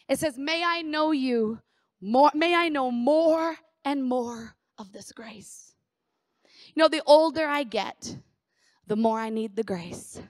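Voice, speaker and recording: A middle-aged woman pastor preaching a sermon in an animated, conversational way, repeating phrases for emphasis. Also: high-pitched, no room sound, studio quality.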